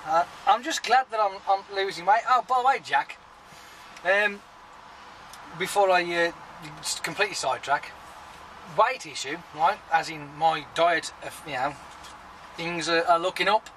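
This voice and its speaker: A man's voice: sits high, unhurried, long pauses, bright, forceful tone, far from the mic, slight background noise, low-quality recording. A man chatting casually to his viewers in a rambling, sweary vlog, talking freely. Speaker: vlogger.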